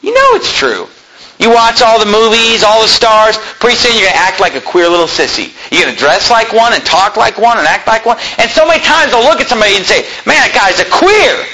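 A man's voice: high-pitched, fast talker, hardly any pauses, bright, forceful tone, low-quality recording. A pastor preaching a sermon from the pulpit in an emphatic style, firing rhetorical questions at his congregation. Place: church pulpit.

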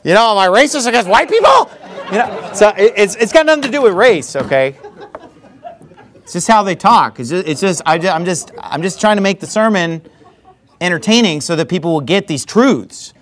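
A man preaching a sermon in church, animated and mocking, with frequent laughing asides. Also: high-pitched, normal speed, a faint crowd. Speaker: pastor.

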